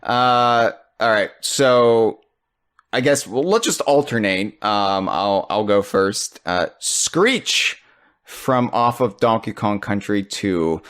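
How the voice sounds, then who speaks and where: Lowish smooth-voiced man hosting a podcast. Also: slow. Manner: joking, jumps into high excited bursts. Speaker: podcast host. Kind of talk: casual podcast chat.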